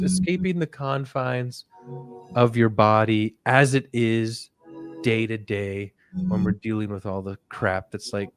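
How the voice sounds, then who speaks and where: A male comedian hosting a live show, rambling through a mock guided relaxation in a soft, drifting voice. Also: fairly low pitch. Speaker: comedian and podcast host.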